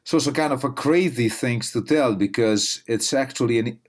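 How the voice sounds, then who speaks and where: Academic male guest, Italian accent, middle pitch, hesitant conversational delivery. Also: normal speed. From Italy. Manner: hesitant, many fillers and restarts. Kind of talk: casual conversational answers.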